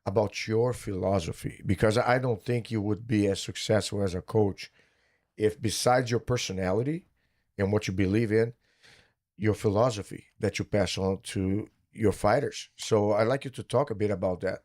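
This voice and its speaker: A man hosting a podcast, asking questions slowly and deliberately. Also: on the low side, darkish tone, dry recording, studio quality. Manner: slow, deliberate questioner with short backchannels. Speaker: podcast host, interviewer. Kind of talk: measured interview questions.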